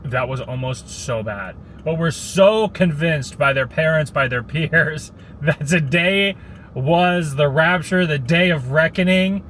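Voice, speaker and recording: A young man talks through a story in a loose, rambling vlog, full of restarts and filler. His voice sits a little high for a man. Faint traffic and street noise run under the recording. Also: takes it slowly, fairly bright tone. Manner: rambling, many likes and restarts. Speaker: vlogger.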